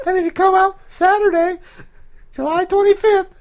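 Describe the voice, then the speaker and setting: A man doing a squeaky excited tour guide. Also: moderate pace. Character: a man doing an excited high-pitched impression of an absent co-host. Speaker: co-host.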